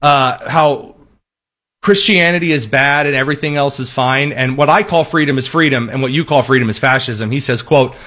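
A man hosting a political commentary show, talking in a sarcastic, mocking monologue and sometimes jumping to high parody voices. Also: moderate pace, sharp tone.

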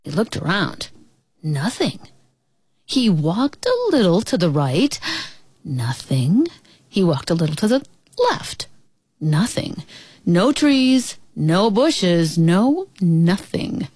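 A woman telling an animated animal story aloud in an expressive way, calling her listeners brothers and sisters. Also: fairly low pitch, slow, breathy edge, no echo.

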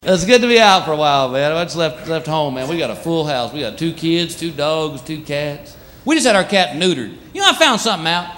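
A middle-aged man doing a stand-up routine on stage, acting out his pets in silly voices. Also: brisk. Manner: animated, acts out pets in high voices. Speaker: stand-up comedian. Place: live comedy stage with audience laughing. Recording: noisy live crowd recording.

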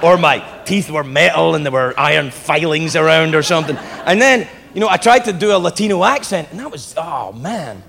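A man's voice: a little high, lively intonation, a little fast, gravelly, hardly any pauses, long reverb tail, a crowd in the background. A man from Britain telling self-deprecating, profane stories in a stand-up comedy routine, with audience noise in the background. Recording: live audience and venue noise.

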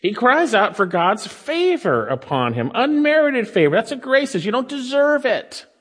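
A man's voice: very high voice, very animated, moderate pace, breathy edge. A man preaching a sermon, emphatic and quoting scripture, changing his pace and volume often. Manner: emphatic, varies pace and loudness, quotes scripture. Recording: long reverb of a hall.

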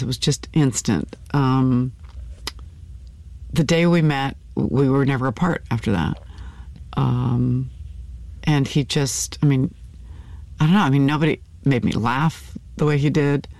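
An older actress speaking candidly in an interview, with halting restarts and fillers. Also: female voice, a bass voice, a little mellow, dry recording. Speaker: actor, interview guest.

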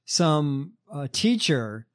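A man hosting a casual podcast chat, telling stories in a halting, sardonic way. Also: a little high, big pitch swings. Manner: storytelling, halting with fillers, sardonic. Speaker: podcast host.

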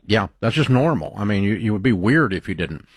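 A middle-aged man hosts a call-in radio show from a studio, his voice somewhat low and husky. He talks in a confident, plain-spoken, folksy way, and the sound is close and dry. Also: expressive, fairly quick, no room sound. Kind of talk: call-in advice talk.

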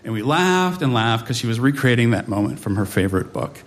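Lively wry man telling a stage story. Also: medium pitch, fairly quick. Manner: wry, animated, mock-dramatic asides. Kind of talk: live comic storytelling to an audience.

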